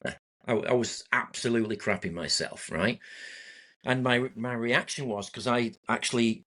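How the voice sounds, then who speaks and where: A male interview guest telling an animated personal story, vivid and sweary, laughing at himself. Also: medium pitch, moderate pace. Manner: vivid, swearing, self-deprecating.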